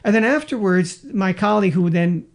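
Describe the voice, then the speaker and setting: A man's voice: high-pitched, normal speed, creaky. A man co-hosting a casual podcast chat, rambling and acting out quotes as he tells stories. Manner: rambling, animated storyteller with acted-out quotes. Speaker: podcast co-host.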